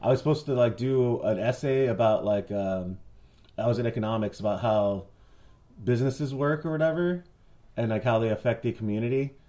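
A man's voice: medium pitch, brisk, mellow. A young man hosting a podcast in casual, profane chat, laughing often. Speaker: podcast host.

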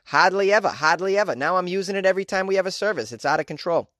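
A man's voice: high-pitched, racing, a bit bright, dry recording, studio quality, voice pushed up. A man doing a chatty Boston funeral home lady. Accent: put-on Boston. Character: woman funeral home owner with put-on Boston accent.

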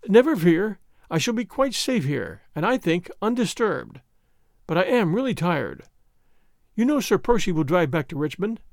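A man voicing a proud, strained noblewoman who speaks in an even, mechanical tone. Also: high voice, moderate pace, gravelly, no room sound, studio quality, exaggerated voice. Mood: pleading politely. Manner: even, mechanical, quiet delivery.

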